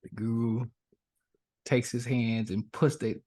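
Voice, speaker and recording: A young man from Chicago's South Side, a podcast guest, telling a story casually and acting out the characters' voices. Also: slow. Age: young adult. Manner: animated, acts out voices in his stories with big pitch jumps.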